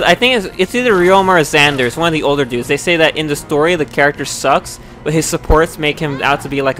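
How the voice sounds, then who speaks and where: A young man streaming a video game live, rambling casually between bouts of swearing and frustrated yelling. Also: fairly high pitch. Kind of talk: live gameplay commentary.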